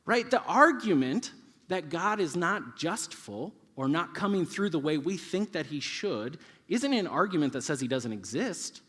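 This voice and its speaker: A man's voice: a little high, sing-song, unhurried, a bit bright, husky. A man in his thirties preaching a casual, conversational sermon, acting out quoted voices as he goes. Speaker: youth pastor. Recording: live hall reverb.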